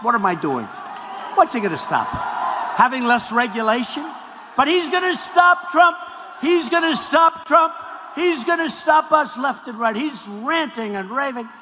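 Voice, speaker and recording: A man gives a rambling, mocking rally speech, circling back to the same phrases again and again. His voice sits high and bright and swings widely in pitch. It comes through a podium mic in a big hall, with long reverb and faint noise behind it. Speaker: political speaker at a rally.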